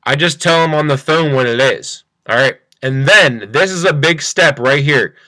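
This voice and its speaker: A man teaching a sales pitch in an upbeat, repetitive way, acting out both sides of a phone call. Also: normal speed, sharp tone, no room sound. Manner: upbeat, repeats phrases, acts out phone dialogue. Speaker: sales coach. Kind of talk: screen-share training talk.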